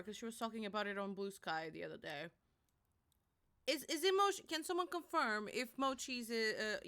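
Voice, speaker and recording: A young woman chatting on a live stream in a fairly high, bright voice with a crisp, clear tone. She rambles easily from one thing to the next and talks straight to her viewers. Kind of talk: casual live-stream chat.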